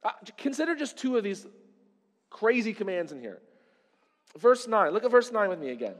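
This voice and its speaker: A high-pitched male voice preaches a sermon in a long, ringing reverb. He talks to the congregation in a conversational way and keeps asking them rhetorical questions. The room sounds like a large church sanctuary. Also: sing-song, a little fast. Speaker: pastor.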